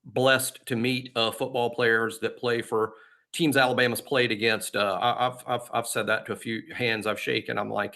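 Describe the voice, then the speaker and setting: A man's voice: mid-range voice, level tone, normal speed, gravelly, pushed and bright. A man co-hosting a sports podcast, telling anecdotes in a chatty, casual way.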